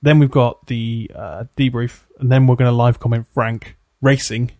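A man co-hosting a podcast in casual chat, bantering quickly and jokingly. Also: medium pitch, level tone, darkish tone, no echo, clean studio sound. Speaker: podcast co-host.

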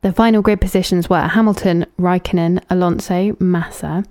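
A woman's voice: lowish voice, fairly even intonation, normal speed, warm tone. A woman co-hosting a casual chat podcast, recapping events and reading out lists of names. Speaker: podcast co-host.

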